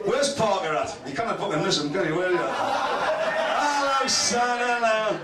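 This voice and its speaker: A high-voiced man compering a football club's presentation night, ribbing each player with foul-mouthed banter. He is heard from a distance in an echoey function room, over a roaring crowd. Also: lively intonation, fast, heavy background noise. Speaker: compere at a club awards night. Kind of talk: crude roasting banter. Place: club function room with an audience. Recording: echoey room, voice far from the mic. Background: loud crowd laughter.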